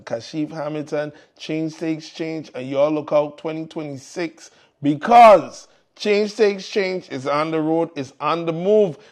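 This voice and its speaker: This fairly high, slightly mellow male voice belongs to a man hosting a live morning show. He chats casually, stays upbeat, and keeps repeating his calls to the audience.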